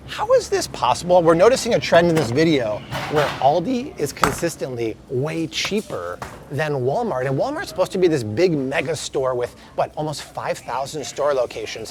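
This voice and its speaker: Strolling the supermarket aisles for his grocery vlog, an upbeat man calls out prices and hits each comparison with heavy emphasis. His voice is slightly higher than the typical male range, and a faint store hum runs beneath the walkthrough.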